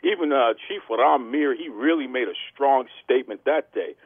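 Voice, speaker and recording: A man's voice: medium pitch, moderate pace, slightly rough, no echo. Male podcast host, hype announcer energy, tinny phone-quality audio. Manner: hype-man announcer delivery. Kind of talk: casual wrestling podcast banter.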